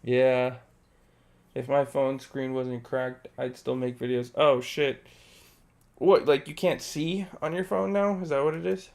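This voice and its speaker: A man's voice: mid-range voice, steady tone, measured pace, gravelly, darkish tone. A young man streaming a game and chatting casually, laid-back and heavy on filler words like "bro". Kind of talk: casual chat while gaming.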